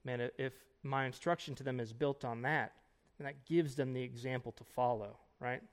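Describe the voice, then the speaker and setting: A man in his thirties, a pastor teaching at a conference breakout session in a casual, emphatic way, full of quick asides and rhetorical questions. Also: medium pitch, steady tone. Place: conference room.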